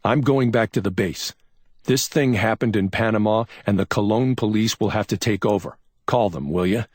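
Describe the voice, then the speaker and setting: In a crime audiobook, a man voices a stubborn male naval investigator who speaks in curt, clipped lines. His natural voice is fairly low, though pitched above his own, at a moderate pace, and the recording is dry and clean, studio-quality.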